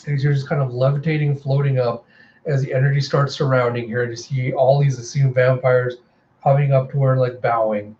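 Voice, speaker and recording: A man casually narrating a comic readthrough in a relaxed, enthusiastic way. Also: medium pitch, moderate pace, muffled recording, slight background noise. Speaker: comic reviewer.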